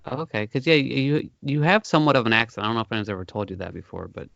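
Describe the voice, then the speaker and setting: A man co-hosting a podcast rambles through animated stories, leaning on filler words and jumping up in pitch when he gets excited. His middle-pitched voice comes through dry and a little dull, with no room sound. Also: rapid-fire, creaky, no echo. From Ohio. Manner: rambling, lots of "like", animated storytelling. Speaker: podcast co-host. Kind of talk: casual podcast chat.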